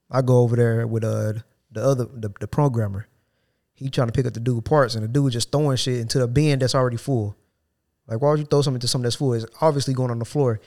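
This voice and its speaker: Speaking with vocal fry in a mid-range voice, a podcast co-host relays a workplace story during casual chat, animatedly voicing the quotes as he goes.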